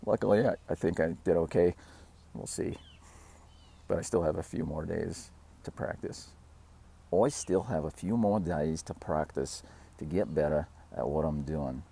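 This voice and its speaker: Low-voiced man musing casually to camera. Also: normal speed, gravelly, dark tone, husky. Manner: rambling, laughs at himself, mock quotes in raised voice. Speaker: fitness channel host. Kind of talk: casual talking-to-camera vlog.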